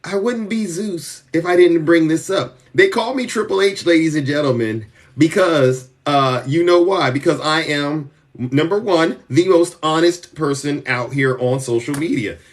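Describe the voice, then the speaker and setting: A man hosting a live stream of political commentary, boastful and theatrical, sometimes rising to shouts. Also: on the high side, a little slow, few pauses, recorded from a distance.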